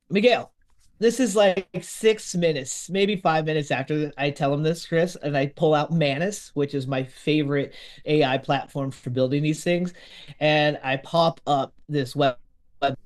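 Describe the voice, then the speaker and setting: A man with a slightly high voice tells a story with animated energy. He brings the people in it to life by acting out their lines, in easygoing podcast talk. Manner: lively, acts out quotes of others. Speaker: podcast host telling a story.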